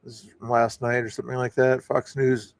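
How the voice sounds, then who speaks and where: A man's voice: medium pitch, little pitch movement, fairly quick, dry recording. Rambling man hosting a news stream. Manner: rambling, lots of fillers and restarts. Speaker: stream host. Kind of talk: casual news commentary.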